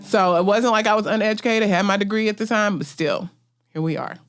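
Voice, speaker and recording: A woman's voice: mid-range voice, a little fast. A woman guest on a radio panel, telling a personal story in an emphatic, conversational way. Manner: emphatic, conversational, says "like" often. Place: radio studio.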